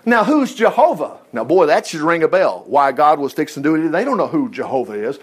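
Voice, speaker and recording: A man reading scripture aloud and breaking in with animated, exclamatory asides, teaching a Bible lesson. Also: on the high side, quick pace, breathy edge.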